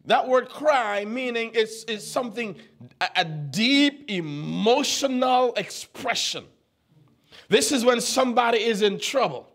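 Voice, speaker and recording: A young preacher in his twenties with a high-pitched voice gives an animated Bible lesson. He teases his listeners and throws questions out to them as he teaches. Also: unhurried. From U.S. Virgin Islands. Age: 20s. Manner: animated, teasing, asks the congregation questions.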